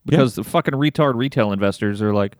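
A man co-hosting a podcast in casual chat, animated, swearing freely and laughing often. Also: medium pitch, fast, no room sound, studio quality. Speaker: podcast co-host.

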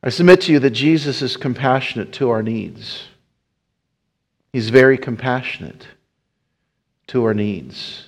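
A man preaching a sermon, rising to emphatic appeals and dropping to soft hushed passages. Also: medium pitch, a little slow, pauses often, breathy edge. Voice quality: whispers at times. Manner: swells loud and emphatic, then drops to a soft hush.

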